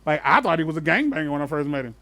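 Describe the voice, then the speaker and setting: A man's voice: on the high side, very fast, no echo. A man co-hosting a podcast, telling stories in casual chat, swearing freely and breaking into laughter. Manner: animated storyteller, swears freely, bursts into laughter. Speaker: podcast co-host.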